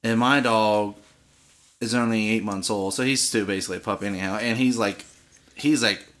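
A man with a lowish, bright, forward voice, chatting casually. He tells a profane, rambling story full of restarts and "like"s. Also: fairly even intonation, normal speed. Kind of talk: casual chat.

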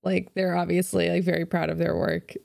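A woman's voice: lowish voice, flat delivery, brisk, vocal fry, a little mellow, dry recording, clean studio sound. A woman co-hosting a podcast in casual chat, bubbly and playfully teasing, laughing often. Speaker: podcast co-host.

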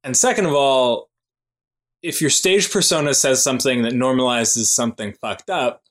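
A man's voice: mid-range voice, moderate pace. A man co-hosting a podcast in casual chat, agreeing along and making his points one by one. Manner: agreeable, laughs along, argues points in order. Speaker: podcast co-host.

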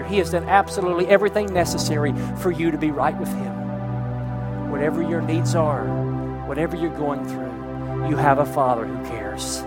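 A man preaching a sermon as pastor, building intensity toward emphatic points. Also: fairly high pitch.

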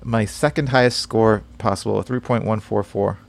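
A man's voice: on the low side, steady tone, normal speed, gravelly. A man co-hosting a casual podcast, joking and laughing often. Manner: playful, jokey, laughs often. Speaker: podcast co-host. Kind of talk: casual chat.

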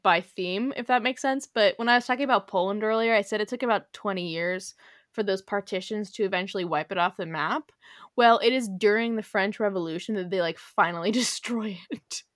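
A woman's voice: medium pitch, fairly bright tone, dry recording, clean studio sound. A young adult woman hosting a podcast, chatting casually about history with lots of fillers and frequent laughs. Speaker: podcast host.

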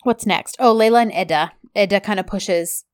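A woman's voice: mid-range voice, no echo, studio quality. A woman co-hosting a casual podcast, recapping episodes with enthusiasm and frequent short agreements. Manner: enthusiastic, quick back-channel replies. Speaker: podcast co-host.

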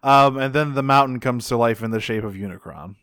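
Male podcast co-host, casual and profane, clear voice in a dry room. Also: medium pitch, a little fast, fairly bright tone, no room sound. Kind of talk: casual chat.

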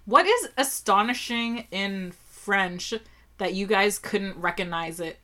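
A young adult woman co-hosting a casual beer review, talking in a halting way with lots of fillers. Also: mid-range voice, bright, forceful tone. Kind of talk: casual chat.

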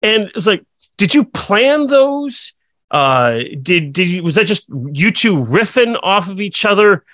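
A man's voice: sits high, very animated, a little slow, a bit bright, no room sound. A man interviewing a guest, asking hesitant, searching questions with fillers.

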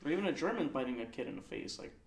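A man's voice: medium pitch, expressive, rapid-fire, vocal fry. A young man chatting casually, joking and using lots of slang. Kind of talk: casual chat. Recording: echoey room.

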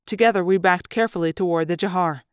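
A fan reader narrating a sci-fi audiobook in steady storytelling style, rising for dialogue. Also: mid-range voice, fast talker, clear, resonant tone, no room sound, studio quality.

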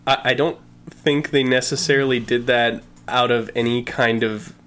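A man hosting a casual movie podcast, delivering dry, deadpan remarks in a measured way. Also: mid-range voice.

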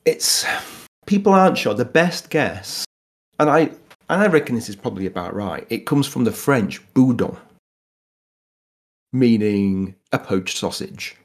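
This Yorkshire-accented guest from England chats casually about food history, frequently laughing and starting sentences over. He talks a little slowly in an expressive, mid-range voice.

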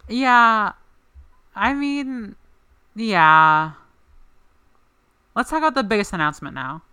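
A woman's voice: medium pitch, lively intonation, takes it slowly, pushed and bright, smooth, no room sound, clean studio sound. A woman co-hosting a podcast in casual chat, rambling with lots of "like" fillers. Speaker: podcast co-host.

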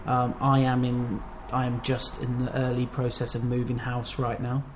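A man co-hosting a podcast in casual, rambling chat, self-deprecating and quick to laugh. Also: mid-range voice, monotone, noisy background. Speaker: podcast co-host.

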